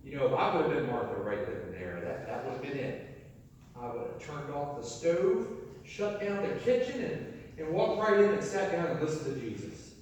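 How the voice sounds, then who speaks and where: A man's voice: on the high side, expressive, moderate pace, a little mellow, a little hiss or hum. A man preaching a sermon as pastor, telling the story in a folksy way and acting out the voices of its people. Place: church sanctuary. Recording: echoey church hall, mic far off.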